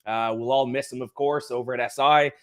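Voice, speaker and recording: A man with a Canadian accent and a hoarse, flu-worn voice talks football on a podcast. He is chatty and self-deprecating, tripping over his words when he gets going. His pitch sits in an ordinary middle range. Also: steady tone, fairly quick, fairly bright tone. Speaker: podcast co-host. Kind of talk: casual podcast chat.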